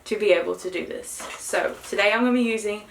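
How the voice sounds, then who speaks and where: Young woman, vlogger, gravelly fry, nervous excited chatter, echoey room, faint hiss. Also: medium pitch, quick pace. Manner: excited and nervous, many gasped exclamations. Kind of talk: casual vlog talk to camera.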